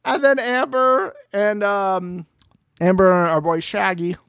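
Speaking unhurriedly in a high, clean-toned voice, a podcast co-host chats about a reality show recap, swearing and vividly acting out what people said. The sound is dry, clean studio audio.

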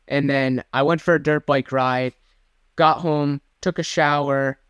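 This young podcast co-host has a slightly high, fairly bright voice that is clear and resonant, with fairly even intonation and a slightly slow pace. Recorded dry in a clean studio, he rambles through a self-deprecating story in casual conversation.

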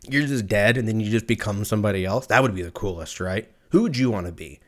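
A man hosting a solo podcast, rambling through a profane, joking rant and laughing often, his voice jumping up when excited. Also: quick pace. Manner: animated, jumps pitch when excited. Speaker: podcast host.

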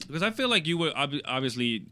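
A man in his late thirties chatting casually, telling stories in an animated way and swearing freely. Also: on the high side, normal speed. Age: 30s. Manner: animated storyteller, swears freely, laughs at himself. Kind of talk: casual chat.

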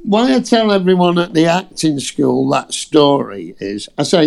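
Animated gravelly man telling stories. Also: fairly high pitch, a little slow, hardly any pauses. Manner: animated storyteller acting out quotes, swearing freely. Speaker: actor telling an audition story. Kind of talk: casual anecdote on a podcast.

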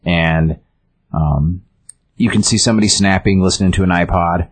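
Husky, deep-voiced man rambling about comics. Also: moderate pace. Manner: rambling, restarts often, loose summary with quoted lines. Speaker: comic book show co-host. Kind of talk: casual comic review chat.

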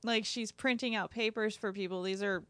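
A woman in casual conversation giving frank advice, chatty and quick to laugh. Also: mid-range voice, steady tone, a bit bright.

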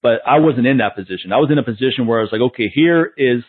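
A man's voice: mid-range voice, rapid-fire, slightly rough. A man in casual podcast chat, reflecting earnestly on his working past. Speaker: podcast host, fitness entrepreneur. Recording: tinny phone-like audio.

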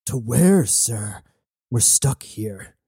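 Guy playing a hurt lieutenant, quiet and weak, resigned, dark mellow voice. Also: mid-range voice, expressive, very slow, husky, dry recording, exaggerated voice. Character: badly wounded male lieutenant, calm and resigned.

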